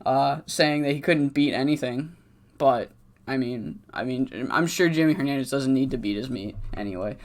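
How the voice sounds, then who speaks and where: A host giving casual, excitable commentary on a wrestling management game, swearing freely and laughing often. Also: medium pitch. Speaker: gaming video host.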